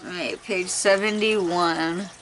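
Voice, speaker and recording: A woman's voice: on the low side, fairly even intonation, slow, a bit bright, low-quality recording. A young woman in a laid-back, tired casual chat at home, giggling now and then as she reads aloud. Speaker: vlogger reading aloud.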